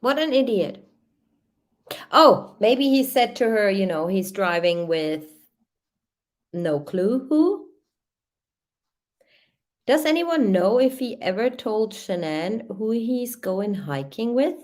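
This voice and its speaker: A woman's voice: medium pitch, expressive, slow, pauses often. A woman hosting a true crime channel, reading a case timeline aloud and adding hesitant comments with many fillers.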